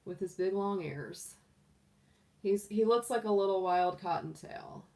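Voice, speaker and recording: A woman's voice: medium pitch, a little slow, a little mellow. A middle-aged woman hosting a tarot livestream from a room at home, chatty and doting, laughing often. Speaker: tarot reader, livestream host. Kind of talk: casual livestream chat. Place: room at home with the door closed. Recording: voice a bit distant from the mic.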